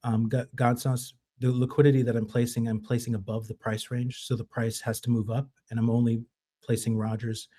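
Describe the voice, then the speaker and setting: A man speaking in a casual audio chat, explaining his plan in halting starts and repeated words. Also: medium pitch, little pitch movement, dark tone.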